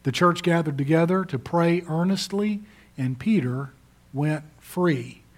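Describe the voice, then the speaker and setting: A middle-aged man delivers a sermon from the pulpit. His voice sits a little high for a man, and he leans hard into the words he wants to stress. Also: unhurried. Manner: emphatic preaching, rising for stressed words. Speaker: pastor.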